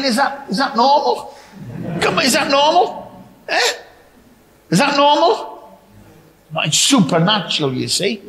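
A man's voice: high-pitched, a bit bright. A man preaching a sermon, repeating lines for emphasis and asking the crowd questions. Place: church hall. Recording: echoey hall.

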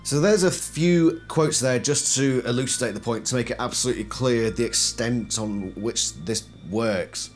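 A man's voice: medium pitch, moderate pace, few pauses, soft background music. A man giving a casual explanatory commentary, posing questions and then answering them himself. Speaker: video essayist.

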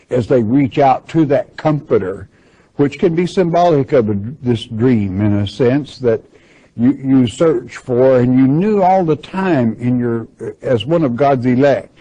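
Man, Bible teacher, mellow husky voice, unhurried reading and explaining, dull lo-fi recording. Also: mid-range voice. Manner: reads scripture aloud, then explains it plainly.

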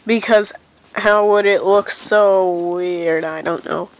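Playing a game, a young woman with a stuffy nose keeps up silly, rambling, playfully dramatic commentary. Her medium-pitched voice stays fairly even and slow. The recording quality is low.

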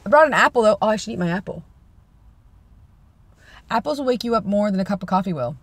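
A man's voice: sits high, fairly quick. A young man in his twenties, vlogging casually in a rambling, self-deprecating way. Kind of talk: casual vlog chat.

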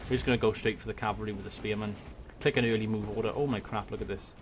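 A man from Wales with a Welsh accent, giving excitable let's-play commentary on a strategy game into a desk microphone, swearing and muttering to himself as he plays. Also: on the low side, fast talker, a little hiss or hum. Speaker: gaming YouTuber. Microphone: desk USB microphone.

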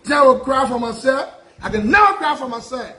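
In a very high, sharp, expressive voice, a Liberian self-styled prophet speaks fairly quickly to a crowd, repeating rhetorical questions with a sense of grievance. His accent is Liberian English, and the rough recording is reverberant.

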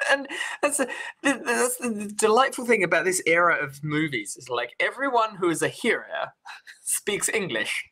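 Male podcast co-host, bright tone, lively swooping delivery, jokey. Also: sits high, measured pace, pauses often. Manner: animated, laughs often, wry jokes. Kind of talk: casual film review chat.

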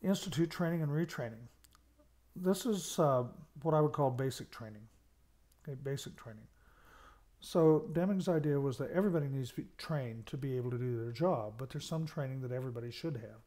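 Speaking fairly quickly in a dark, medium-pitched voice, a university lecturer from the United States gives a recorded talk on management. He stresses the key words as he explains, often adding "okay" to check in with listeners.

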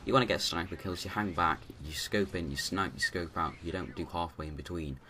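A man's voice: sits low, fairly quick, bright, forceful tone, a little hiss or hum. A man giving rambling, casual commentary over his own gameplay, full of restarts and fillers.

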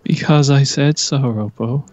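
A man plays a creepy possessed friend turned evil, his taunts slow and menacing in a weird put-on voice for a game video. The track sounds dull and lo-fi, with faint music under it. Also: medium pitch, darkish tone, no room sound, lightly acted. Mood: taunting. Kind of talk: game video role-play.

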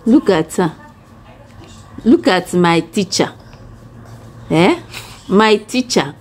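A young adult woman and mother chatting casually to camera about her daughter, talking slowly and tenderly, marveling and repeating herself. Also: medium pitch, very animated, slight background noise.

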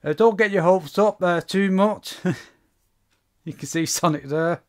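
A man's voice: high-pitched, measured pace. A man giving a casual spoken review of a comic book issue, rambling with many fillers and restarts.

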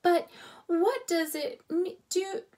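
A woman's voice: extremely high pitch, slow pace, darkish tone, voice pushed up. A woman voicing a kindly but doubtful teenage boy, speaking hesitantly with wonder, in a storybook reading.

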